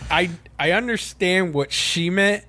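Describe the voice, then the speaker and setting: Higher-voiced guy on a podcast, talks slow, short laughy reactions, swears. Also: sharp tone. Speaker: podcast co-host. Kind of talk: casual chat.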